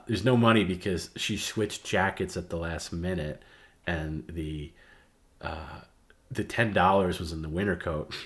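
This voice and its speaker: On a livestream, a middle-aged man with a very low voice tells a personal story casually. He's candid and meandering, and his sentences often trail off into a soft hush.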